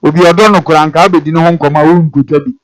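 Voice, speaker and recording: A man's voice: on the high side, fairly even intonation, very fast, low-quality recording. A man on a TV talk show, repeating Bible verses and explaining them, switching between Twi and English. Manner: expounding on scripture, repeating each verse and explaining it; mixes Twi with English phrases.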